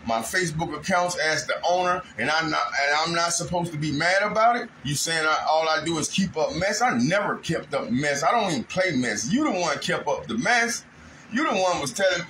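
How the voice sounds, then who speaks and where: High, bright-voiced man venting at home, faint background noise. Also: rough recording. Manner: aggrieved, rambling storytelling with raised outbursts. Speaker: vlogger. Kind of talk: casual monologue. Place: home kitchen.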